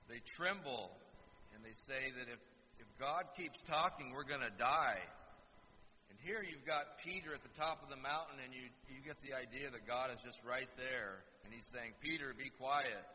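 A man preaching a sermon and explaining scripture, acting out quoted lines with animated asides. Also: medium pitch, normal speed, slight background noise. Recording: dull lo-fi sound in a reverberant hall.

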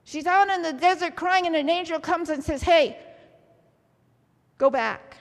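Woman, sermon, theatrical storytelling, high voice, church hall reverb. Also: brisk. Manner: lively, acts out the story. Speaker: pastor's wife preaching.

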